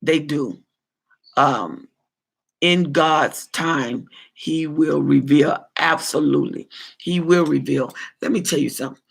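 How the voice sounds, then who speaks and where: A man's voice: a little high, takes it slowly, gravelly, breathy edge. A man, a pastor, answering viewer comments on a livestream in a preachy way, repeating phrases for emphasis.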